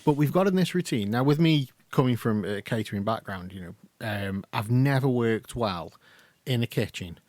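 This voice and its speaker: A man's voice: medium pitch, lively intonation, moderate pace, a little mellow, no echo. A man co-hosting a podcast in casual chat, telling rambling stories and swearing now and then. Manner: chatty storyteller, rambling, swears. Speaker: podcast co-host.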